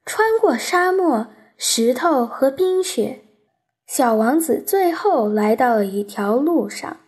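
A woman whose first language is Chinese, reading a bilingual storybook aloud. Her voice is high and lively in its rise and fall. She takes her time over every line. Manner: slow, careful, lilting reading. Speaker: audiobook reader.

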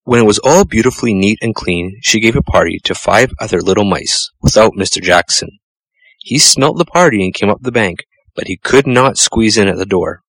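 A man narrating a children's storybook in a measured, gentle storytelling manner. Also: on the low side, expressive, no room sound, poor audio. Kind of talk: storybook reading.

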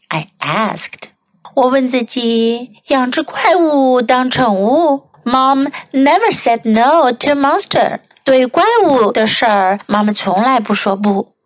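A woman teacher reading a picture book aloud, following each line with a translation. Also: on the high side. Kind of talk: bilingual storybook reading.

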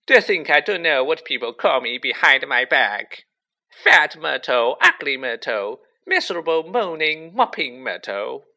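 A man voicing a sulky, weepy ghost of a schoolgirl in an audiobook reading, high and self-pitying. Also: huge pitch swings, a little slow, few pauses, pushed and bright, heavily acted. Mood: weeping.

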